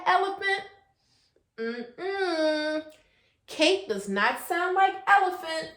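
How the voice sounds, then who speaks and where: A woman's voice: high voice, a bit bright. A woman teaching a virtual preschool class, sounding out letters in a sing-song, coaxing way and asking the children questions. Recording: echoey room.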